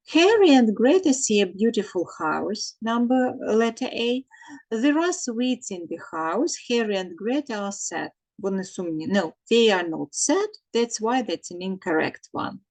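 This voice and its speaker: Slow-paced woman teacher. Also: medium pitch, darkish tone, low-quality recording. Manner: slow and repetitive, dictating answers, translating into Ukrainian. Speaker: English teacher. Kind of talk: recorded English lesson for children.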